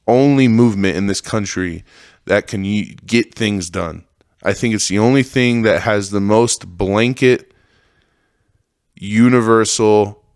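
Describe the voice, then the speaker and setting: A man's voice: on the low side, dry recording, clean studio sound. Man ranting hard on a podcast. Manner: heated, profane, repetitive ranting. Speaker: podcast host.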